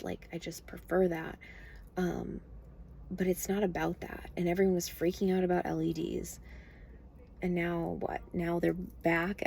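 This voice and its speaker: Rambling woman with a gravelly voice. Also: lowish voice, warm tone, a little hiss or hum. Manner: rambling, profane, conversational. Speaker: vlogger. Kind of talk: casual spiritual monologue.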